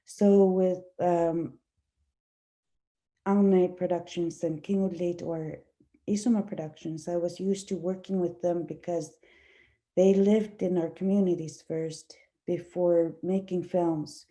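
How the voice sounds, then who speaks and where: A woman from Igloolik, whose first language is Inuktitut, answers on a discussion panel. She speaks slowly and with a very dark, low timbre, pausing and restarting as she looks for words. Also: fairly even intonation. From Igloolik, Nunavut. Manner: slow, searching, many fillers and restarts. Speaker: actress.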